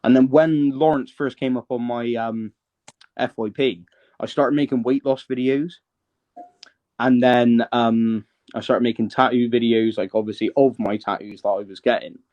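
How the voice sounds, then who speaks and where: A man's voice: mid-range voice, fairly even intonation, normal speed, a little mellow. Rambling man on a dull live stream. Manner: rambling, hesitant, often checks the listener follows. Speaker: guest. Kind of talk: casual live-stream interview.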